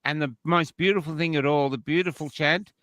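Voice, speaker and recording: A man's voice: on the high side, steady tone, fairly quick, a bit bright, no room sound. An Australian man hosting a casual online panel chat, opinionated and rambling with frequent restarts. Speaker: livestream host.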